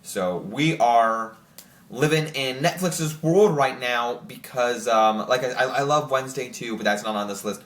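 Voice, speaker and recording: A young man chatting casually to camera as host, excited and rambling with lots of filler words. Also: mid-range voice, measured pace. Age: young adult. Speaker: channel host ranking TV shows. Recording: roomy echo.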